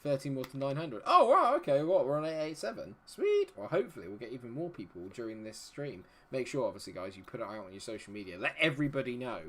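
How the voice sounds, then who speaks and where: A man's voice: mid-range voice, wildly swooping pitch, fast talker, hardly any pauses. A man live-streaming a game, chatting with his viewers and muttering to himself while he checks settings. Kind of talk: live-stream commentary talking to chat.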